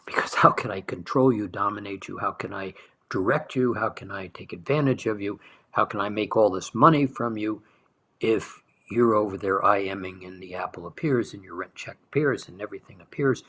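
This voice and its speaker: A man leading a guided meditation talk as a spiritual teacher, speaking softly and slowly, lingering on words and sometimes dropping to a whisper. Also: fairly low pitch. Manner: soft, slow, dwelling on words, dropping to whispers.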